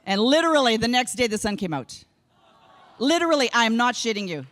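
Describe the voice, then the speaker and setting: A woman's voice: a little high, big pitch swings, fairly quick, fairly bright tone, in a large hall. Blunt, funny woman giving a keynote. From Canada. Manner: candid, blunt storytelling with casual swearing. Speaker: keynote speaker. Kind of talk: humorous motivational keynote. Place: conference room with a live audience.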